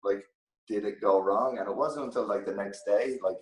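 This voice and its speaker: An Irish man in his thirties, speaking in a fairly low register, tells a story as a guest in a relaxed chat. His storytelling is loose and lively, with the odd curse. His voice sits back from the mic in a roomy, echoing space. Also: moderate pace. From Ireland. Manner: lively anecdote-telling, loose and profane. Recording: echoey room, mic at a distance.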